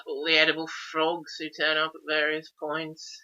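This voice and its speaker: Bright-voiced chatty man hosting a podcast. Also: a little high, completely flat delivery, normal speed, dull audio. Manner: chatty, enthusiastic, lists things off. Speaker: podcast host. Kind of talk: casual podcast chat.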